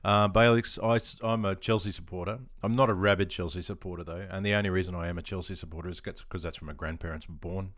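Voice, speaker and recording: An Australian man streaming live, chatting casually in a relaxed, rambling way with frequent ums and chuckles. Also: sits low, quick pace, hardly any pauses, no echo, clean studio sound.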